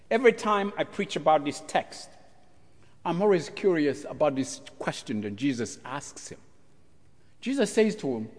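Man, pastor preaching, high voice, lively swooping delivery, long church reverb. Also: normal speed. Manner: animated, rhetorical questions, acts out voices. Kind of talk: sermon.

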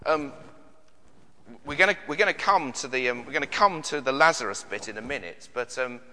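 A man's voice: mid-range voice, expressive, brisk, bright, forceful tone, long reverb tail. A British man preaching a sermon in an earnest way, with many searching questions and frequent repeated words. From Britain. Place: church.

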